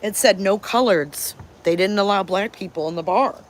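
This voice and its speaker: Speaking at a normal pace in a mid-range voice, this Detroit channel host in her fifties chats through a live stream. Her storytelling is blunt, emphatic, and full of profanity.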